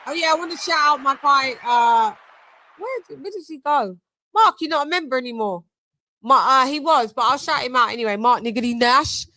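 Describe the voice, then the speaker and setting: A woman's voice: sits high, lively intonation, a little fast, background noise. A woman hosting a boxing channel's live stream, chatting casually, thanking members and breaking into bits of song. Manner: chatty, sings snatches and shouts out members.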